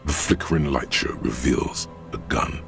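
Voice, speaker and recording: A grave inner voice that narrates a video game, measured and commanding. The tone is extremely low and calm, with faint music underneath. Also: male voice, vocal fry.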